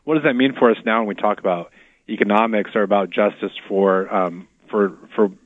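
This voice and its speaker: A man's voice: on the low side, fairly quick, no room sound, narrow, tinny audio. A man co-hosting a Catholic radio talk show, speaking thoughtfully with frequent "like" fillers. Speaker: radio co-host. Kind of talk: casual faith discussion.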